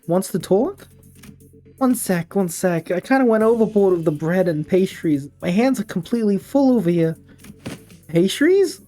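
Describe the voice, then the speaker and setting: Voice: medium pitch, warm tone, pitched above the performer's own voice. A streamer voicing a cheerful, breezy young woman loaded with pastries. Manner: breezy and chatty.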